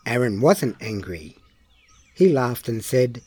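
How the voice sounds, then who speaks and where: A man reads a children's story at an unhurried, gentle pace. His pitch rises and falls with a lively lilt, and his voice has a husky edge. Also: no room sound. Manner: slow, lively storybook delivery. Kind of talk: children's story read-aloud.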